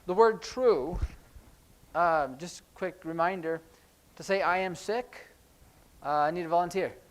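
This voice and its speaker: A man's voice: high voice, measured pace, low-quality recording. A man teaching sign language to a church class, his voice sitting a little above the usual male range. He talks casually, wandering off into jokey stories before pulling himself back to the lesson. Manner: chatty, rambling, jokey asides.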